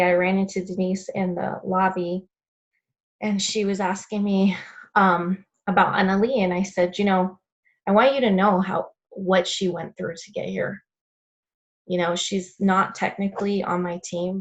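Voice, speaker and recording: A woman's voice: on the low side, lo-fi sound. A woman hosting a video call, thanking members and retelling their stories with frequent laughs. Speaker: host of a team call. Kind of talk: casual chat.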